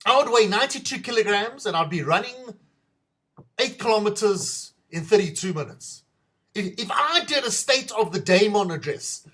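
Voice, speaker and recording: A man's voice: sits high, sharp tone. A man with a South African accent doing a rambling, self-mocking comic monologue on the news, stumbling and restarting often. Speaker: podcast host.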